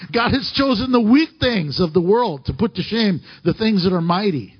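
Husky-voiced man preaching a sermon. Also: high voice, animated, normal speed, highs cut off. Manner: emotional, rising and falling preaching with scripture readings. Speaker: pastor.

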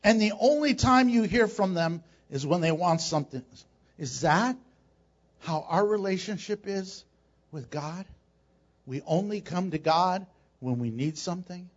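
A male pastor preaching a sermon in a church, animated and joking with laughing asides. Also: sits high, a little slow, muffled recording.

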